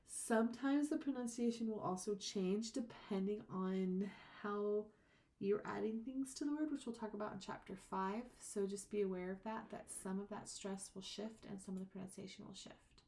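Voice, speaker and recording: A woman instructor giving a recorded lecture. She explains with patience and says her example words slowly, drawing them out. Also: medium pitch, mellow. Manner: slow, drawn-out example words.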